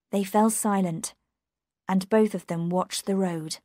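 A woman narrating an audiobook for English learners, reading slowly, carefully and in a measured way. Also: medium pitch, fairly even intonation, dark tone, dry recording, clean studio sound.

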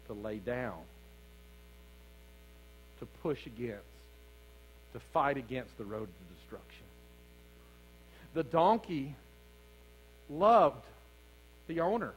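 Man, pastor, preaching a sermon, high-pitched voice, faint hum behind. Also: fairly bright tone, poor audio. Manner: preaching with rising fervor, calls to the congregation. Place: church sanctuary.

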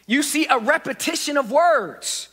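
High-voiced pastor guy preaching in a big echoey church, bright and punchy, calling back to the crowd. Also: expressive, unhurried. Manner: preacher's call-and-response, repeated refrains. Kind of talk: sermon. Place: church sanctuary. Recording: reverberant church hall.

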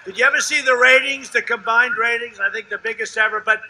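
An older man giving a rambling, boastful campaign rally speech, repeating himself and swinging between shouted lines and hushed asides. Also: very high-pitched, fairly even intonation, fast, rough recording. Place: outdoor rally before a large crowd.

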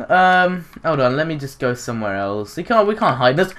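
Excitable young gaming commentator. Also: male voice, medium pitch, fairly quick. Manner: excitable, rambling, gasps and giggles. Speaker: gaming YouTuber. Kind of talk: casual gameplay commentary.

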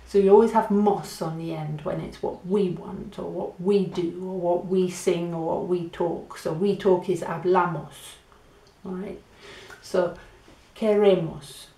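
A woman teaching a Spanish lesson for beginners, repeating words slowly for learners. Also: lowish voice, steady tone, mellow, roomy sound. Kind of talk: language lesson.

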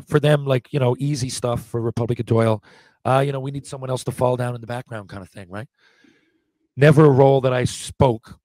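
A man in his forties, a podcast guest, telling lively anecdotes in casual talk, acting out what people said and often restarting his sentences. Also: mid-range voice, dry recording. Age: 40s. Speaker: podcast guest, former hockey player. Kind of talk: casual storytelling.

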